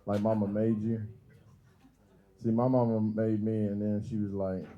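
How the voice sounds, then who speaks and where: A man's voice: on the low side, level tone, moderate pace, muffled recording. A young man doing stand-up at a comedy club open mic, loose and profane, laughing at his own jokes. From Georgia, US. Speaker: stand-up comic.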